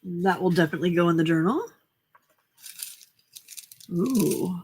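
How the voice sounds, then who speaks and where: Lady chatting on her craft stream, unhurried, friendly with viewers at her desk mic. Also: lowish voice, a little mellow, a little hiss or hum. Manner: chatty and upbeat, greets viewers by name. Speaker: livestream crafting host. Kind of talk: casual livestream chat. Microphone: desk microphone.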